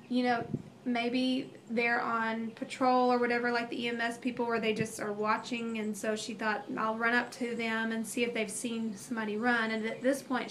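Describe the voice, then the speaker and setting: In a rambling, emotional bit of casual storytelling, a mother in her thirties recounts a family story, filling it with fillers and false starts. Her slightly high voice is a bit bright, over a faint background hiss.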